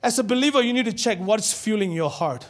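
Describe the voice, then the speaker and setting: Preaching to his church in a high, lifted voice at a fairly quick pace, a man keeps his sermon animated and draws the congregation into call-and-response.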